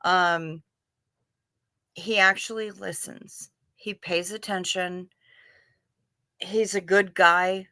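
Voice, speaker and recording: Livestream host: middle-aged woman, slow, bright wry chat, dry close mic. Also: fairly low pitch, steady tone, no room sound. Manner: chatty, wry, self-deprecating. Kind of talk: casual livestream chat reading chat.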